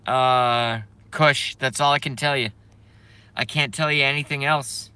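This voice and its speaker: A man's voice: medium pitch, steady tone, sharp tone, clean tone. A man on a casual live stream, rambling and swearing, reading chat aloud and laughing often, with many trailing filler sounds. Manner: self-interrupting, drawn-out filler sounds.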